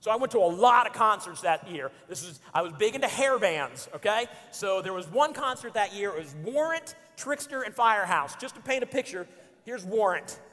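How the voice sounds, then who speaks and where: In a church auditorium full of hall reverb, a man in his forties preaches a lively, playful sermon built on stories, voicing his friends with shouting and laughter. He speaks high-pitched at a normal speed, with faint music behind him.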